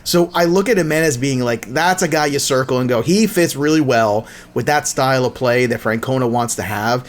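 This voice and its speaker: A man's voice: mid-range voice, brisk, few pauses. A man hosting a podcast, chatting casually and joking with lots of fillers. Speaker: podcast host. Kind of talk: casual sports chat.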